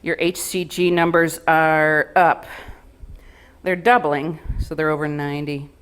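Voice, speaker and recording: Woman doing a flat, low-voiced clinic nurse. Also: unhurried, clear, resonant tone. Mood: deadpan. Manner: low, flat, hesitant delivery.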